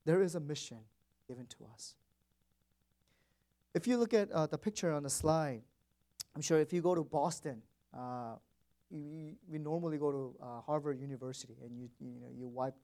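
A man's voice: a little high, normal speed, mellow. Man preaching an emphatic sermon. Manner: emphatic preaching with repeated phrases and rising stresses. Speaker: pastor.

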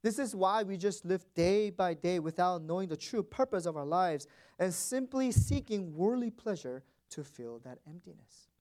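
A man's voice: high voice, expressive, moderate pace, a little mellow. A man preaching a sermon as pastor in a church, stressing words and repeating phrases for emphasis.

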